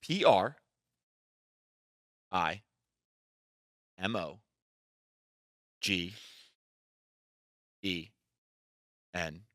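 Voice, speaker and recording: Podcast co-host, male, lowish voice, quick and brash, dry close sound. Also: expressive, fairly bright tone, no room sound. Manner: brash, joking trash talk. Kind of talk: casual podcast banter.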